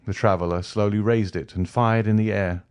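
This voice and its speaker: A man narrating an audiobook of a classic novel in a measured, even storytelling manner. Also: lowish voice, clear, resonant tone, no echo. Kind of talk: scripted narration.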